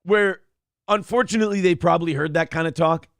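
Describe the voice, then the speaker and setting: This podcast co-host, a middle-aged man, talks a little quickly in a voice on the high side. He's in casual chat mode, spinning lively stories laced with plenty of profanity, and the studio-quality audio has no room sound.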